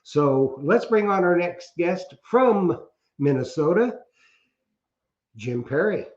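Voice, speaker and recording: A man's voice: high voice, big pitch swings, slow. Folksy man hosting, echoey lo-fi sound. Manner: folksy, joking, many fillers. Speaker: host. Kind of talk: casual chat.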